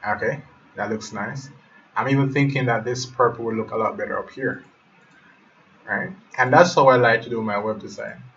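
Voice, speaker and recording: A man's voice: medium pitch, normal speed, a bit bright. A man teaching web design in a live screen-share tutorial, thinking aloud and often calling his viewers guys. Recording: muffled, distant mic with faint hiss.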